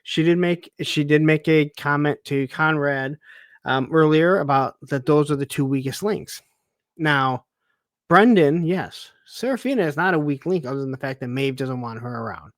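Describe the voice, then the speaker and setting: Man, higher voice, casual recap talk, wry quoting, dry sound. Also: normal speed, no echo. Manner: conversational, quotes characters, wry asides. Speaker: podcast co-host.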